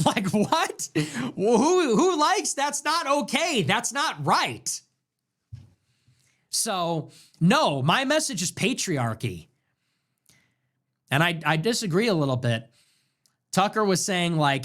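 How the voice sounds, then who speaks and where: A man's voice: sits high, big pitch swings, slow, long pauses, fairly bright tone. A man hosting a live stream, ranting in a sarcastic, mocking way. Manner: sarcastic and mocking, jumps into mock voices. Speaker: political livestream host.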